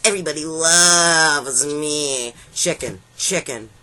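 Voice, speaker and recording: An online creator rambling comically, jumping between nonsense syllables, repeated words, sudden shouts and mock-serious lines. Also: medium pitch, slow. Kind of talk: random comedic rambling and noises.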